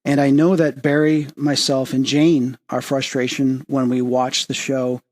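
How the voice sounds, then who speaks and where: A man hosting an interview as a medium, telling a story with rising excitement and lively quoting of others. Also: measured pace. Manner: excitable, rising pitch when quoting and emphasizing. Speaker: podcast host and medium. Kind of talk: animated storytelling in casual interview.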